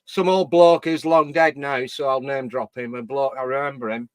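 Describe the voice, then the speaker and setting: A man's voice: mid-range voice, steady tone, normal speed, clear, resonant tone, no room sound. A man, telling a rambling story in a casual live-stream chat and swearing freely. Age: 50s.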